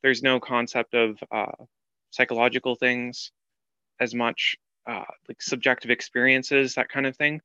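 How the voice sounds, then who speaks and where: A man's voice: mid-range voice, level tone, unhurried, pushed and bright, clear, resonant tone, no echo. A man from Canada speaking as a panelist, anxious and hesitant, rambling a little as he talks. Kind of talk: panel discussion. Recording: dull lo-fi sound.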